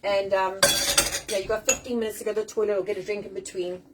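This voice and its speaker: A South African woman in her forties talks at a quick clip on a live stream from home. She is chatty and animated, swears freely and laughs at herself. A faint hiss sits under her mid-pitched voice. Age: 40s. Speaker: host. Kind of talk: casual live-stream chat. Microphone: phone or webcam on a live stream.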